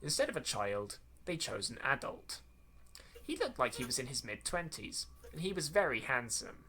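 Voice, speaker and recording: A podcast host with a medium-pitched, pushed, bright voice reads out a horror story. He keeps getting tangled in clunky sentences and rereads them in a mocking tone, adding sarcastic remarks.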